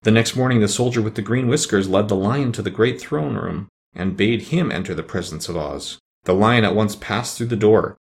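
A man reading a children's storybook aloud as narrator, voicing each character in turn. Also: lowish voice. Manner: expressive, voices each character. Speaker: audiobook reader.

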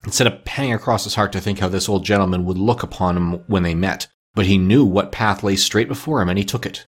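A man narrating a classic story with a lively, expressive reading. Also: low-pitched, a little fast.

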